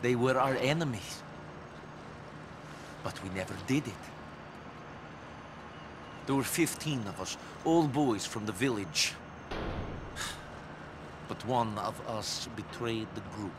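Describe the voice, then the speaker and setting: An actor playing a hardened war veteran in a game, talking in a grim, dry, deadpan way. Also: male voice, mid-range voice, slow pace, pauses often, noisy background. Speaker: game protagonist.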